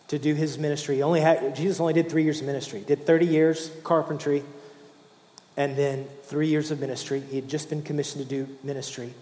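A man preaching a sermon, emotional, swinging from hushed, slow lines to fervent ones. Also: on the high side. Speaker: pastor. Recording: echoey hall, roomy.

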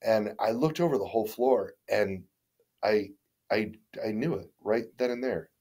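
A middle-aged man, a guest in a casual interview, tells stories candidly and ramblingly, with frequent restarts, stammers and the occasional swear. His voice is on the low side, warm in tone, at a normal speed.

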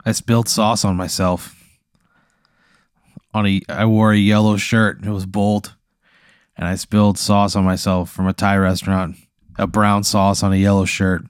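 A man co-hosting a comedy podcast, answering a story with sardonic, flat remarks and outbursts. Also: on the low side, normal speed, pauses often, smooth, no room sound, clean studio sound. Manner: sardonic, flat replies that burst into outrage. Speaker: podcast co-host. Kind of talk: comedic banter.

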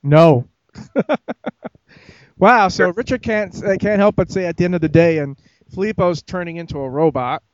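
A fairly high-voiced man hosts a casual gaming podcast over a call. He teases his co-hosts and laughs often. The sound is dry and slightly dull. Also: no echo. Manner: joking, quick to laugh, teasing. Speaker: podcast host.

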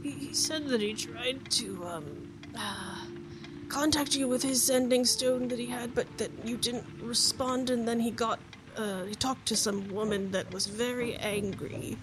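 Woman plays exhausted butler, hushed and stammering, voice pushed slightly higher. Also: steady tone, measured pace, noisy background, close to an everyday voice. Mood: weary. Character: tired, flustered male butler.

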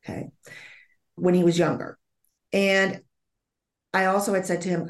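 A woman's voice: on the low side, unhurried, long pauses, echoey room. A woman being interviewed as a psychic medium, telling a story vividly, acting out the dialogue and often restarting her sentences.

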